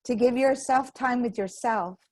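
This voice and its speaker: A guest speaker at a spiritual center, a woman gives a conversational sermon, acting out the voices of people she quotes. Her voice is on the high side and a little mellow, at normal speed, with no room sound.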